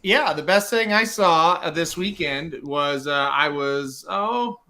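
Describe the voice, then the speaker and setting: A man co-hosting a casual podcast, telling animated stories and laughing often. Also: a little high, takes it slowly. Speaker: podcast co-host, site owner.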